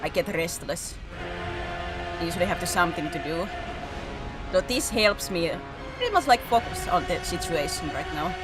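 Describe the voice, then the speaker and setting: Woman streamer, lively sing-song giggly chat with friends, game music playing behind. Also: fairly low pitch, moderate pace, pauses often. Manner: giggly, teasing, restless. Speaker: streamer hosting a gaming stream. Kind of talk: casual chat while gaming.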